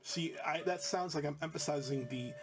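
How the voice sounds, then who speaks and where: Male music teacher, slightly higher voice, casual explainer with fillers, music bed underneath. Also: normal speed. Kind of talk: instructional commentary.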